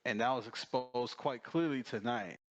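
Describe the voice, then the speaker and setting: A man's voice: mid-range voice, moderate pace, muffled recording. A man talking on a podcast, stammering as he pushes back in an argument.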